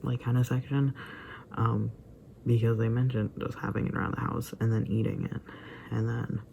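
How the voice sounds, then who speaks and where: A man talks through his reactions in a loose, rambling vlog style, stacking up fillers and slipping into near-whispered asides. His voice has a gravelly edge and a dark, mellow tone. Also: mid-range voice, little pitch movement, normal speed, slight background noise. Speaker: vlogger reacting to a video. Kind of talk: casual rambling commentary.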